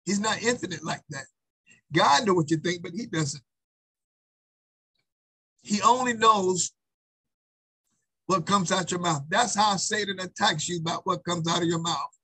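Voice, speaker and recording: Husky high-voiced male preacher. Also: a little slow, long pauses, pushed and bright, low-quality recording. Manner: emphatic, repetitive call-and-response preaching. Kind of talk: sermon.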